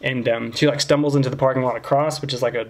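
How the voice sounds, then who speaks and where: Fast-talking young man telling a story. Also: mid-range voice. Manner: profane, animated anecdote with quoted voices. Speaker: podcast co-host. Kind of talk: casual storytelling chat.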